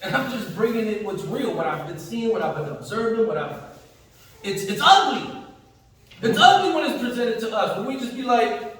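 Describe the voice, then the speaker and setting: High-voiced man preaching in an echoey hall. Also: sing-song, moderate pace, a bit bright, far from the mic. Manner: emphatic, slangy, acts out everyday voices. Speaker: Friday prayer preacher. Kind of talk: sermon. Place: mosque hall.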